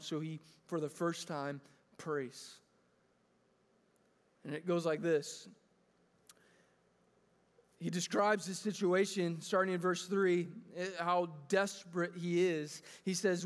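A man in his thirties with a high voice delivers a sermon to his congregation. He talks earnestly and conversationally and often restarts his phrases. His voice rings with the long reverb of a large church hall. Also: fairly even intonation, measured pace. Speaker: pastor. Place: church sanctuary.

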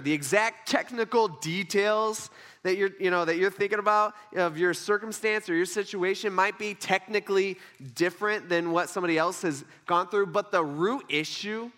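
A man's voice: sits high, moderate pace, a bit bright. A man preaching a sermon in a casual, conversational way, acting out the people in his story. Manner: conversational, playful, acts out dialogue in voices.

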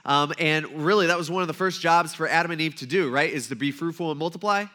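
A man's voice: on the high side, fast talker, sharp tone. A man in his thirties preaching a sermon in a humorous, conversational way, acting out little scenes. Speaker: pastor.

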